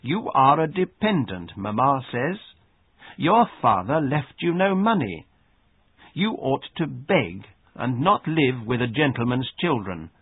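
A stout, bullying fourteen-year-old boy, acted by a man reading the story aloud. He taunts and shouts in a husky voice that swings widely in pitch. The sound is dry and thin, like a phone line. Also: sing-song, measured pace, no echo, heavily acted. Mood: taunting.

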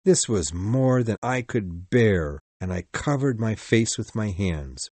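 A man narrating a storybook in the first person, in an expressive, measured reading. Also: lowish voice, dry recording. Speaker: audiobook narrator.

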